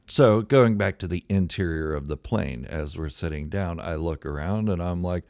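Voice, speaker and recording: Deep-voiced man telling a comic story. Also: moderate pace, few pauses, no room sound, studio quality. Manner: excitable, exaggerated, swings between loud outbursts and low mutters. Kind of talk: comic true-story monologue.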